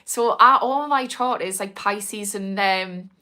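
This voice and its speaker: A woman's voice: mid-range voice, takes it slowly, pushed and bright. A woman with a North East English accent, an addiction recovery coach chatting on a live stream, rambling with many restarts. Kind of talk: live stream chat answering comments.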